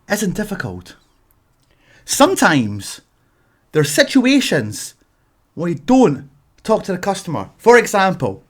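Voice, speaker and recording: A man with a Scottish accent telling exaggerated comic rants to camera, animated and emphatic, sometimes bursting into shouts. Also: high voice. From Scotland. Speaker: vlogger.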